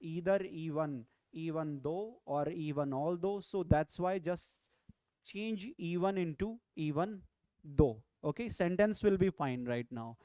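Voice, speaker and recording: High-voiced Indian English grammar teacher. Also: male voice, unhurried, dark tone, dry recording. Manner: repetitive, coaxing viewers to comment. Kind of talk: online exam-prep lecture.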